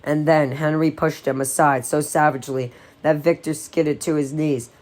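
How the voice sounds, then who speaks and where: Low-voiced woman reading a novel aloud. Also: fairly even intonation, moderate pace, darkish tone. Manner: unpolished, with slips and self-corrections. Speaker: audiobook reader.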